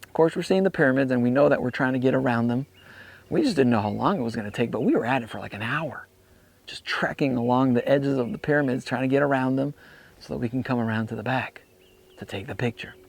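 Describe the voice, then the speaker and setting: A young man telling a story to a youth camp audience, animated and dropping to hushed whispers for awe. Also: mid-range voice, quick pace, gravelly. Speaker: youth speaker. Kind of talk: storytelling talk.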